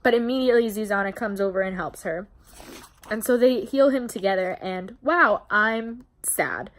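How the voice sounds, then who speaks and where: A woman's voice: mid-range voice, brisk, a little mellow. A young woman casually recapping a novel for her book channel, chatty and openly emotional, swearing now and then. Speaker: book vlogger.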